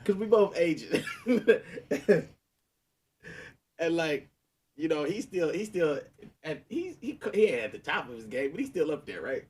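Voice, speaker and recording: A man's voice: on the high side, very animated, measured pace, darkish tone. A man in his thirties, a podcast co-host, telling a story in casual chat and laughing often, with a sore knee.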